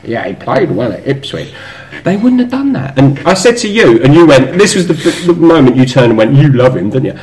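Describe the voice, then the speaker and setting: A man chatting about football with friends in a relaxed podcast. His pitch swings widely as he teases and jokes. The talk is loose and full of banter. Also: a little fast, hardly any pauses. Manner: lively, teasing banter. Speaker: podcast co-host. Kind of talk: casual football chat.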